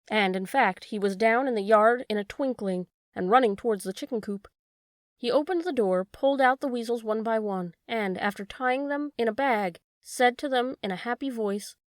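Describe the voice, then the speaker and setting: A woman reading a children's story aloud as an audiobook narrator in steady scripted narration. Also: a little high, moderate pace, no room sound, studio quality.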